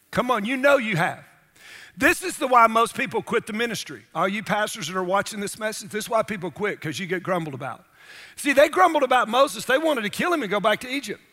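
A man preaching with an emphatic delivery, throwing rhetorical questions at his listeners. His voice sits high and sounds bright, and a long reverb trails behind it. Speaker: pastor. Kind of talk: sermon.

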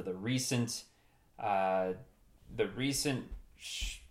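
A man improvising comedy as a bumbling, deadpan handyman host. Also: on the low side, takes it slowly, echoey room.

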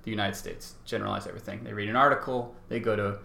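A man's voice: fairly low pitch, fairly even intonation, racing, vocal fry, sharp tone, a little hiss or hum. A man co-hosting a casual podcast, teasing his friend in a rambling way. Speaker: podcast co-host. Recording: roomy echo.

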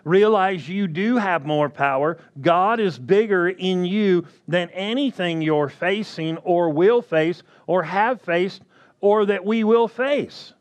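A man preaching a sermon slowly and emphatically, often asking the congregation questions. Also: high voice.

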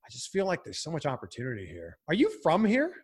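Lively, animated Canadian-born man. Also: on the high side, fast talker, slightly rough. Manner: animated, laughs often, chatty with many fillers. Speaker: broadcaster and host. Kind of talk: casual podcast chat.

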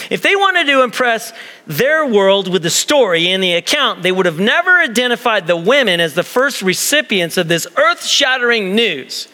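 Male pastor, high bright voice, chatty sermon delivery, church hall echo. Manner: animated, conversational, acts out quoted voices. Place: church sanctuary.

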